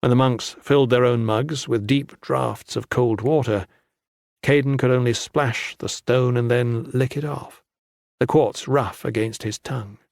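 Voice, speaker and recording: A man reading a fantasy audiobook in measured, even scripted narration. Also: mid-range voice, vocal fry, dry recording, studio quality.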